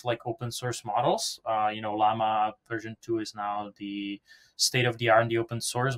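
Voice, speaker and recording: A man being interviewed as a podcast guest, explaining software in a loose, rambling conversational way. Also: medium pitch. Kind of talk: casual technical interview talk.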